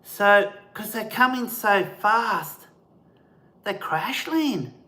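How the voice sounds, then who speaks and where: On a live stream, the host of a camping channel tells casual stories in a high voice at a very slow pace. He's lively and animated, mimicking bird calls and other sounds, and the room is echoey.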